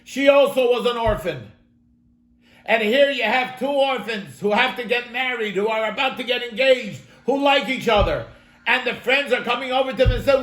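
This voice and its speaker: A man's voice: very high-pitched, moderate pace, a bit bright, roomy sound. A man, a rabbi, telling a story in an earnest, dramatic manner as he teaches a class. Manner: earnest, dramatic storyteller addressing listeners as "my friends". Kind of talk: storytelling sermon-style lesson. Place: home, online class.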